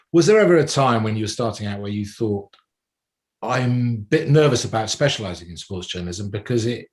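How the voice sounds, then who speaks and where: A man hosting a panel interview, asking questions with restarts that fade at the end. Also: fairly low pitch. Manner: stumbling, falling quiet at ends of questions.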